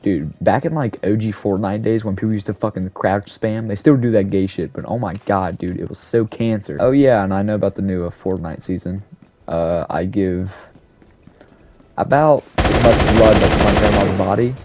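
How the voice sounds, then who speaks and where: A man commentating over gameplay, rambling sarcastically with a lot of profanity and sudden yelled outbursts. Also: fairly low pitch, normal speed, a little hiss or hum. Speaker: gaming commentator. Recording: loud game gunfire under the voice. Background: game gunfire and shots.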